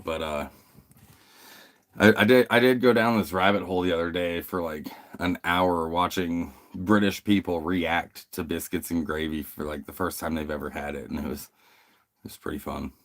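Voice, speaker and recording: A man's voice: low voice, fairly even intonation, moderate pace, a bit bright. A laid-back man from the United States hosting a casual livestream, chatting with viewers, swearing freely and giggling as he talks. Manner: laid-back, profane, giggly, reads chat aloud. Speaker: livestream host.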